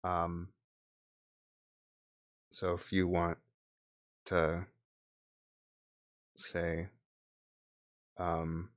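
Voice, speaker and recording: Slow, low-voiced game master man. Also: monotone. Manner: halting, many fillers, laughs often. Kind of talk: narrating a tabletop game.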